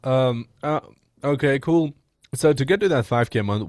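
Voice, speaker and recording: A man's voice: medium pitch, moderate pace, dry recording, studio quality. A man coaching on sales messages in a casual, slangy way, often tossing in "bro" and "right?". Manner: animated, slangy, says "bro" and "right?" a lot.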